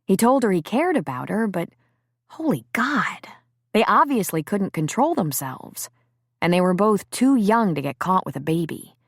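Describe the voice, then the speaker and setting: A woman narrating an audiobook in an expressive, storytelling manner. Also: mid-range voice, normal speed, vocal fry, dry recording, clean studio sound.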